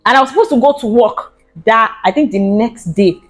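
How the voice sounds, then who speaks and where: A young woman with a Nigerian English accent, telling a personal story in a casual vlog, animated and laughing often, with Pidgin slang. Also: a little high, brisk, soft background music. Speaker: vlogger.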